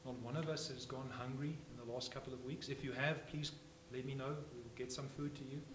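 A man preaching a sermon as pastor, swinging from hushed phrases to loud emphatic ones. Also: medium pitch, steady tone, brisk. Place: church sanctuary. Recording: echoey church, faint hum.

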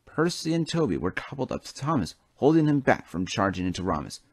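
Husky man narrating a storybook. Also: medium pitch, fairly quick, no room sound. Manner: animated, storytelling.

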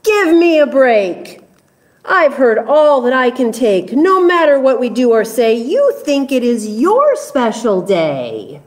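A grumpy lion from a storybook who has had enough, speaking loud and exasperated, as a woman reading aloud puts him on. His voice swings widely and his pace stays unhurried. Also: on the high side, wildly swooping pitch, exaggerated voice. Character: grumpy fed-up male lion.

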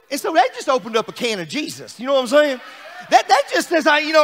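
Male pastor, high and bright, exuberant sermon delivery, lively pitch swings. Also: fast, in a large hall. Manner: exuberant, swings from shouting to quiet asides. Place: church sanctuary.

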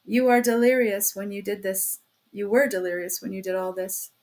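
A woman's voice: medium pitch, steady tone, normal speed, darkish tone, lightly acted. A woman reading aloud as a talkative, sly male criminal investigator who chats in a chummy, insinuating way. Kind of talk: audiobook reading.

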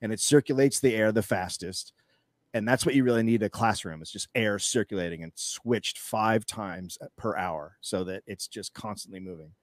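A man's voice: fairly low pitch, normal speed, no echo. A man speaking as an interview guest in casual chat, ranting with anger and profanity and telling stories animatedly, with frequent restarts.

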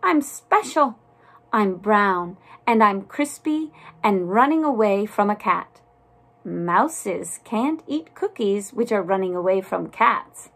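A woman voicing a boastful male cookie that brags slowly and proudly about being special, read as a storybook character. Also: medium pitch, lively intonation, fairly bright tone, heavily acted. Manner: proud, drawn-out bragging.

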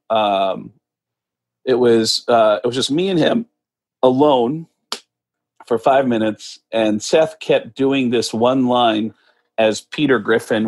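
Animated male comedian telling stories. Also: medium pitch. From United States. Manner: animated, acts out other people's voices in quotes. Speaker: podcast guest, comedian and impressionist. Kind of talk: casual storytelling.

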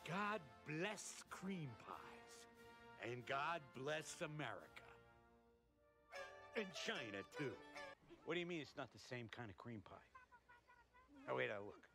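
Over-the-top pie hype man, animated, music under. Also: mid-range voice, takes it slowly, pauses often. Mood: gushing. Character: gushing man hyping cream pies.

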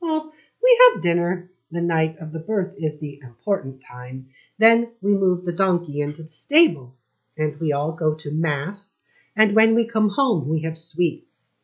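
A woman reading the part of an eager, excited boy from an immigrant family. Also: on the low side, unhurried.

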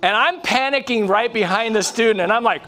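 A man preaching a sermon, telling a story with animation, acting out the people in it and dropping to a hush at times. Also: extremely high pitch, brisk. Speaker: pastor. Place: church.

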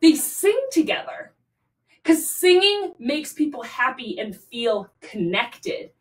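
A woman's voice: sits high, very animated, slow. A young woman leading a children's yoga class at home, coaxing and sing-song. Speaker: kids' yoga teacher. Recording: voice a bit far from the mic.

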